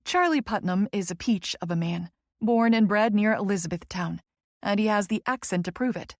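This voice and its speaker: A woman's voice: medium pitch, normal speed, darkish tone, no echo, clean studio sound. Wry woman narrating an audiobook. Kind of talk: scripted first-person romance narration.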